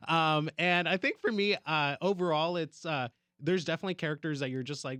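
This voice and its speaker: A man's voice: fairly high pitch, brisk, fairly bright tone, dry recording. A man who works as the show's phone screener, chatting casually in a radio studio with lots of fillers. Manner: chatty, many fillers like "like" and "right". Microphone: studio microphone.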